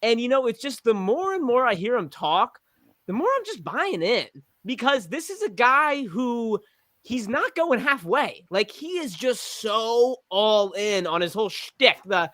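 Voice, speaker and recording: A man chatting about sports in an animated, rambling way, with plenty of fillers. His voice sits high and bright with a forceful edge. The sound is dry and close. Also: measured pace, no room sound. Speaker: podcast panelist playing a witness. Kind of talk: casual sports chat.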